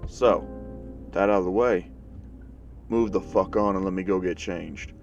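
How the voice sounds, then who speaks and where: A bitter young hero student rants against the classmates who once wrote him off, swearing freely, as a man voices him. The voice sits low for a young man, and soft music plays under it. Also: fairly even intonation, unhurried, highs cut off. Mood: bitter defiant. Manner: defiant, profane ranting. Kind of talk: fan story narration.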